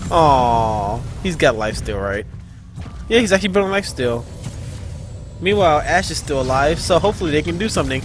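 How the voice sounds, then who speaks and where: Excitable, swearing gamer. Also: male voice, on the high side, faint music behind. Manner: excitable, profane, quick to frustration. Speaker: gaming channel host. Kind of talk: live gameplay commentary.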